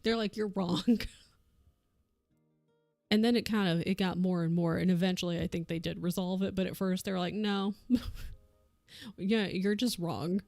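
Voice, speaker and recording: A woman's voice: lowish voice, fairly even intonation, normal speed, gravelly, long pauses, a little mellow, no echo, soft background music. A young woman streamer chatting casually while she crafts, telling a rambling story and laughing often. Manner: laughs often, rambling anecdote with acted quotes.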